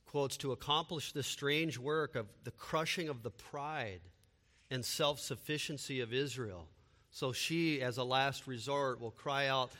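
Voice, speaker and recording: A man's voice: mid-range voice, unhurried, pushed and bright, long reverb tail. A man preaching a sermon with emphatic delivery and repeated rhetorical questions. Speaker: pastor.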